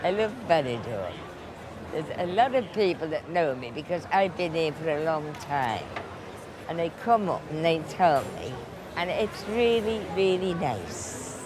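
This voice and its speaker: Lively old woman. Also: low-pitched, unhurried, over music. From Liverpool, England. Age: 80s. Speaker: retiree on holiday. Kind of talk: casual interview chat.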